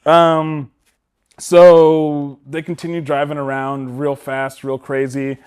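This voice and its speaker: Animated man recapping a movie. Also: a little high, slow pace, smooth. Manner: animated storytelling, acting out characters' lines with laughs. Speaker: podcast co-host. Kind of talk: casual movie recap chat.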